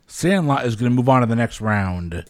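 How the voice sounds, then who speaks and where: A man's voice: mid-range voice, expressive, a little fast, no echo. A man hosts a casual podcast panel, wry and easygoing as he moderates. His mid-range voice sounds close and dry, with no room around it. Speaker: podcast host.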